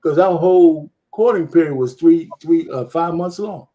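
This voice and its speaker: A man's voice: a little high, normal speed, mellow, lo-fi sound. A married man in a casual chat, telling a personal story in a laid-back way.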